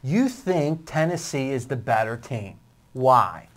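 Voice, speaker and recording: A man's voice: medium pitch, sing-song, slow. A male host of a sports betting talk show with a mid-range voice. He presses his guest and argues his own view point by point.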